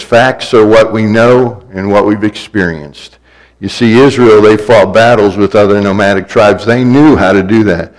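A man's voice: fairly low pitch, poor audio. A man preaching a sermon in a repetitive, building cadence that swells in places.

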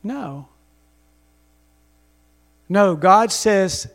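High-voiced pastor preaching with emphasis. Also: male voice, expressive, slow pace, long pauses. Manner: emphatic, storytelling, calls for congregation responses. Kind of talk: sermon.

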